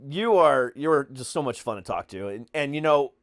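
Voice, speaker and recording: A man's voice: medium pitch, lively intonation, moderate pace, dry recording, clean studio sound. A man hosting a podcast in casual chat, joking and rambling with many fillers. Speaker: podcast host.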